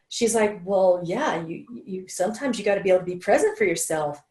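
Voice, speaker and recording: A woman's voice: mid-range voice, animated, a little fast, darkish tone, roomy sound. A woman co-hosting a casual chat, telling an emotional personal story and quoting others. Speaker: co-host.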